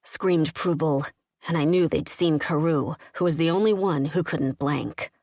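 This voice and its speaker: A woman narrating an audiobook in the first person, with a steady, even storytelling delivery. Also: sits low, measured pace, dry recording, studio quality.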